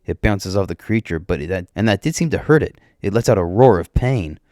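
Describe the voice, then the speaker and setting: A man narrating a story in the first person, in a plain, steady way. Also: low voice, a little fast, no echo, studio quality.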